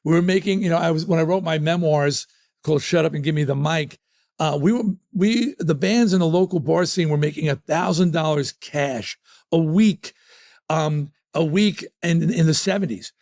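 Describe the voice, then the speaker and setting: A man from the New York area, a rock singer, telling stories in an emphatic, animated way as a guest in a casual interview. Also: fairly high pitch, normal speed, gravelly.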